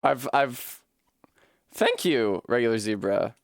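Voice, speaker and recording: A man's voice: mid-range voice, animated, slow pace, no room sound, studio quality. Chatty, laughing male streamer. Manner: casual, laughs often, swears freely. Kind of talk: casual live-stream chat while gaming.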